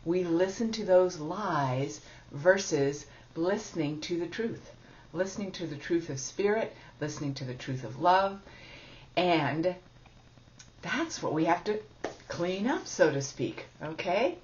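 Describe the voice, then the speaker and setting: A woman's voice: lowish voice, expressive, measured pace, darkish tone, slight background noise. A woman giving a spiritual teaching talk in a chatty, self-deprecating way, laughing often. It sounds like a dull lo-fi recording.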